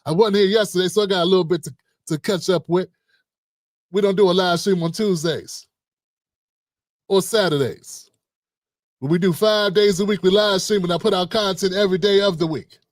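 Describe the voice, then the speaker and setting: A man's voice: high-pitched, dry recording, studio quality. A middle-aged man hosting a livestream, slangy and joking, talking animatedly to his viewers. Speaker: host. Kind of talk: livestream commentary.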